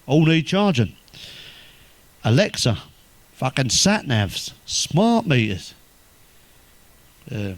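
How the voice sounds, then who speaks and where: A man telling crude stand-up jokes, swearing constantly, delivering deadpan one-liners and laughing at his own punchlines. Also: a little high, no echo. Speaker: comedian.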